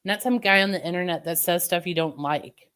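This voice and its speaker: Woman streamer w a lower voice, chatty, venting to chat. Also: fairly quick, a bit bright. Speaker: livestreamer talking to chat. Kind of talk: casual live-stream chat.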